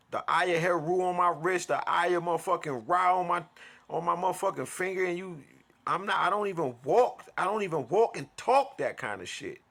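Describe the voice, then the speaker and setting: In a profane, aggrieved monologue, a male vlogger vents about what happened, restarting and repeating himself over and over. He has a high-pitched voice with vocal fry and a fairly bright tone.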